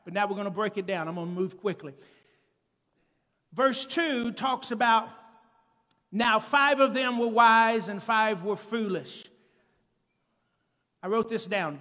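Guy preaching high and loud, punchy, lots of hall echo, yells at the big moments. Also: a little slow, pauses often. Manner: emphatic, builds to shouting peaks; calls to the congregation. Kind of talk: sermon. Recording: long church-hall reverb.

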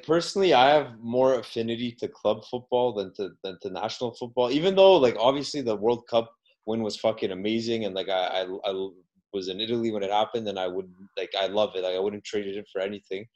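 A man's voice: fairly low pitch, a little fast, darkish tone. A man co-hosting a football podcast, talking casually with lots of fillers, repeats and the odd swear. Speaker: podcast co-host. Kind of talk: casual chat.

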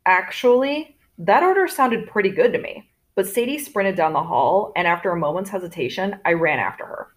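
Woman reading a novel out loud, pitch all over the place, really expressive, sort of mid-range voice. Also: moderate pace, few pauses. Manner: expressive, voicing characters in turn. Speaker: audiobook narrator. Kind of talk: storytelling narration.

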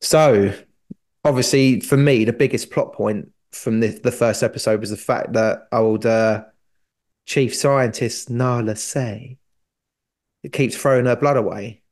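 A man's voice: mid-range voice, unhurried, a little mellow. A man co-hosting a podcast, chatting casually and jokily about a TV series, laughing often. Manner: jokey, laughs often, says "mate". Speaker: podcast co-host.

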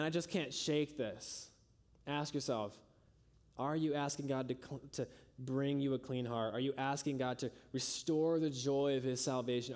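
A man preaching a sermon with earnest emphasis, climbing high on key lines and sinking soft and low at their ends. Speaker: pastor.

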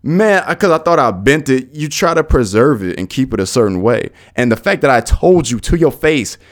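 A young man hosting a podcast, telling stories casually in an animated, profane, slangy way. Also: mid-range voice, moderate pace. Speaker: podcast host. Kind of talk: casual storytelling monologue.

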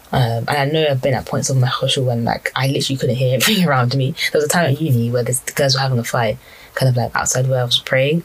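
Young guy, husky voice, casual and hesitant, musing aloud with lots of false starts. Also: medium pitch, low-quality recording. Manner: hesitant, rambling, many restarts and fillers. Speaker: speaker reflecting on personal prayers. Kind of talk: casual reflective monologue.

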